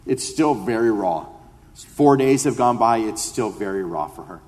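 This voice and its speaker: A man's voice: on the low side, expressive, normal speed, darkish tone. A male pastor reading scripture aloud and explaining it in a conversational sermon, building to impassioned appeals. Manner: reads scripture then explains it conversationally, rising to impassioned pleas. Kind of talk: expository sermon. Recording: long hall reverb.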